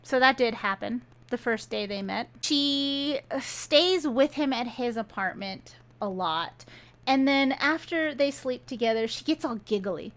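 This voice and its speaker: A woman's voice: a little high, unhurried, fairly bright tone. A woman ranting casually in a book review, sarcastic and chatty.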